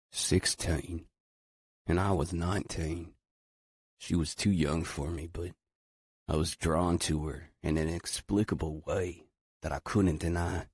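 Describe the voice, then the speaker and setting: Male audiobook narrator, deep and unhurried, brooding first-person read, dry close mic. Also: husky, dry recording.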